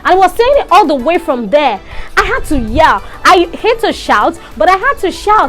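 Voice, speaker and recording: A woman's voice: extremely high pitch, big pitch swings, moderate pace, fairly bright tone, faint music behind. A young Nigerian woman with a Nigerian accent, telling an indignant storytime tale in a vlog, sprinkling in local slang. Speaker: vlogger.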